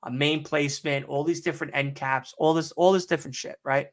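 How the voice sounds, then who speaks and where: A man's voice: a little high, steady tone, brisk. A man on a podcast telling a long work story in a casual, profane and exasperated rant. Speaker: podcast co-host.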